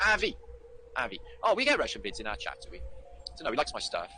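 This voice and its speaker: British male streamer, rambling, sweary, very animated, noisy home mic. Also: fairly low pitch, racing. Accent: British English. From Britain. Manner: rambling, sweary, affectionate with chatters. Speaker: livestream host. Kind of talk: casual livestream chat reading out viewer names.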